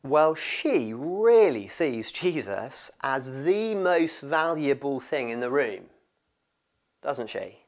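A man preaching a sermon, expressive and lively, often acting out what people in the story say. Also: medium pitch, takes it slowly. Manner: expressive, acts out quoted voices.

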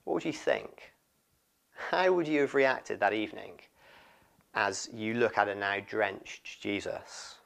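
Gravelly man preaching a sermon. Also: lowish voice, a little slow. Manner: expressive, acts out quoted voices.

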